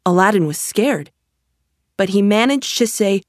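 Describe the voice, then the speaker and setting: A woman narrating a storybook in a slow, measured way. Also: mid-range voice, expressive, no echo, studio quality.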